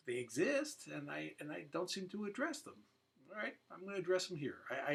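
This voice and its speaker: A man's voice: mid-range voice, fairly bright tone. A man explaining how to stay off cigarettes in an unscripted monologue, emphatic and often repeating words as he thinks. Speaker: smoking cessation educator.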